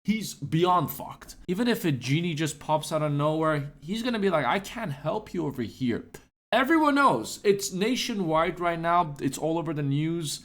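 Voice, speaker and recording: A man giving a sarcastic, indignant commentary rant as a YouTuber, his pitch jumping up for emphasis. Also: animated, moderate pace, hardly any pauses.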